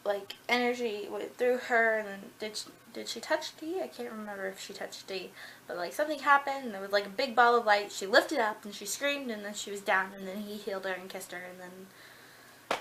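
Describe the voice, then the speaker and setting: A woman's voice: medium pitch, fairly quick, fairly bright tone, a little hiss or hum. A young woman reviewing a book in a casual vlog, bubbly and gushing with lots of filler words. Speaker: book vlogger.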